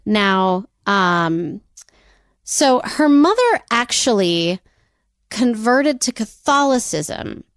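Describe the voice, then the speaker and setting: A woman's voice: fairly high pitch, very slow, no room sound. Chatty lady podcast host, jokes around a lot, dry close sound. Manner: chatty, animated, laughs often, jokey asides. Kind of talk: casual storytelling chat.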